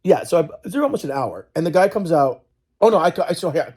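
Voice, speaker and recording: A man's voice: fairly high pitch, animated, fast talker, a little mellow, breathy edge. A man vlogging, telling a long, frustrated story in a rambling, casual way full of "like"s. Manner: rambling, frustrated, filler-heavy with many "like"s.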